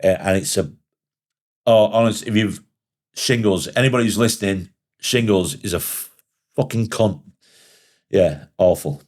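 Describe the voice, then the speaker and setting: A man with a lowish voice hosts a loose, pub-style chat. He is blunt, swears freely and tells stories with plenty of animation. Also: moderate pace, pauses often, a little mellow. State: recovering from shingles. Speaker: podcast host.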